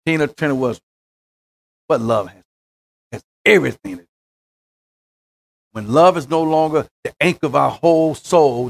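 A man preaching a sermon as pastor, rising into shouts and then dropping to near hushes. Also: medium pitch, moderate pace, creaky, long pauses. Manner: preaching with rising shouts and sudden quiet drops.

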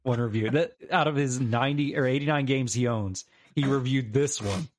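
A man co-hosting a casual gaming podcast, laughing often and talking fast. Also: medium pitch, no echo, clean studio sound. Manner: laughing, quick, reads reviews aloud. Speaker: podcast co-host.

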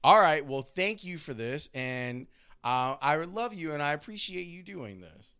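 A man speaks in a slightly raised voice, teasing his mother gently and affectionately. He keeps the chat going in an easy, relaxed manner, as a host who knows her well. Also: a little high, a little slow, clean tone. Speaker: radio host, son of the guest. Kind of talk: casual family interview.

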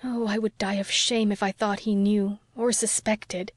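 A woman's voice: medium pitch, level tone, measured pace, natural voice. Woman reading a young woman in anguish, restless and pleading, talking in a fervent rush, dry close sound with no room echo. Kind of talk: audiobook character reading.

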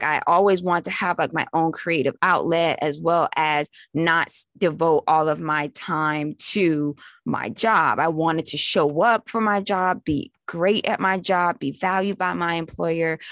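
Chatty woman with a gravelly low voice. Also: fairly even intonation, unhurried, fairly bright tone, no echo. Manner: chatty, full of fillers, acts out quoted voices. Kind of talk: casual storytelling.

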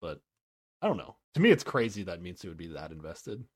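Laid-back young man with a lively, low voice. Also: brisk. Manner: laughs often, hedges with "like" and "I don't know". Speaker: podcast co-host. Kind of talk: casual recap chat.

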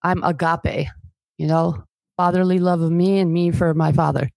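A woman's voice: steady tone, moderate pace, gravelly, darkish tone, no room sound. A woman guest on a podcast chatting casually, swearing freely and acting out quoted voices, with Albanian as her first language. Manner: chatty, swearing, acts out quoted voices with big pitch jumps. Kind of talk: casual chat.

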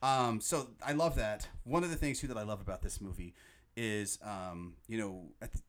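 A man hosting a podcast, chatting casually and excitedly about a movie, often quoting its lines. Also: lowish voice, moderate pace. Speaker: podcast host.

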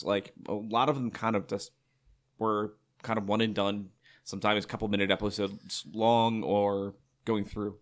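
Rambling man chatting on a podcast. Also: fairly low pitch. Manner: rambling, filler-heavy. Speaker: podcast co-host. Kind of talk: casual chat.

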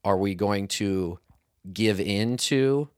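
A man co-hosting a casual faith discussion podcast, speaking in a thoughtful, measured, reflective way. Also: lowish voice, clean tone, dry recording, clean studio sound. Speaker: podcast co-host.

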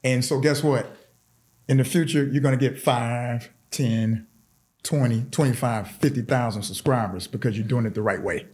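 A man's voice: mid-range voice, moderate pace, darkish tone. A middle-aged man who is a guest on a podcast, speaking earnestly and encouragingly and repeating his key words for emphasis. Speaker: podcast guest, fraternity chapter president. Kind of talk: casual interview chat.

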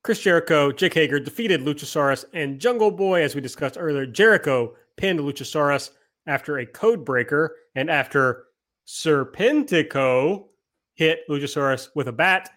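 A man's voice: fairly high pitch, expressive, moderate pace, a bit bright. A man hosting a casual podcast, recapping events from his notes in a chatty, self-deprecating way. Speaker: podcast host. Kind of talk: casual chat, recapping wrestling.

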